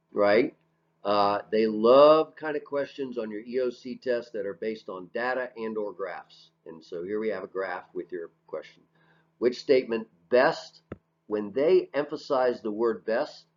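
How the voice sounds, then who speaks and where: A man's voice: mid-range voice, expressive, a little slow. A male teacher giving a recorded lecture over slides, talking in a conversational way, asking questions and answering them himself, often tagging "right?". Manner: conversational, asks and answers his own questions, frequent "right?". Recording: dull lo-fi audio.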